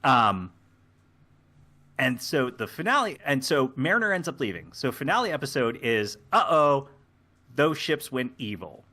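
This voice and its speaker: A man co-hosting a podcast, talking in a casual, rambling way with plenty of fillers. His voice is bright and forceful at a middle pitch, and he acts out scenes as he goes. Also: sing-song, normal speed. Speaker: podcast co-host. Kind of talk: casual chat recapping a show.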